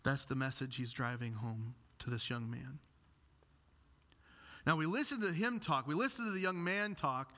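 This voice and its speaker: A male pastor preaching a sermon with animated storytelling and self-deprecating humor. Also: medium pitch, moderate pace.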